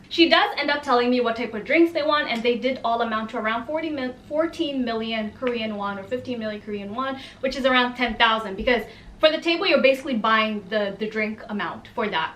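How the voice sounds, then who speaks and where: A young woman telling a casual storytime to camera, animated and exasperated, acting out the people she quotes. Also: on the high side, echoey room.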